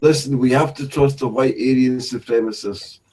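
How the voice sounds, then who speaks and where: A man's voice: mid-range voice, moderate pace, warm tone. A man in casual livestream chat, bantering with crude, profane jokes.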